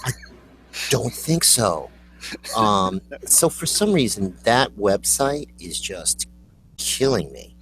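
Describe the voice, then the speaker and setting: A man's voice: fairly low pitch, big pitch swings, slow, a bit bright, slight background noise. A man co-hosting a casual chat, ranting bluntly and swearing, often laughing. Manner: blunt, profane rants with laughter. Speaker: co-host. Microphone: computer setup.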